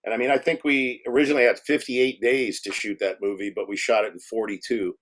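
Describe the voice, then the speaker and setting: A man's voice: lowish voice, a little fast. Rambling older man telling stories. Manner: rambling, many fillers and restarts; animated when telling stories. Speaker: film director guest. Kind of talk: casual storytelling interview.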